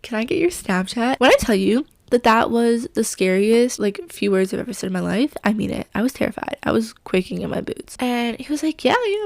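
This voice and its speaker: A woman's voice: fairly high pitch, gravelly, a little mellow, no echo. A young woman telling a story casually to camera, chatty and full of fillers, acting out what people said. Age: young adult. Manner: chatty, lots of fillers, acts out quotes. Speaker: vlogger.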